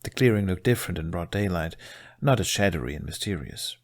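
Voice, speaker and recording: Man, story reader, very deep, gravelly, steady soft narration. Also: fairly quick. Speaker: fanfiction reader. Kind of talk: audiobook narration.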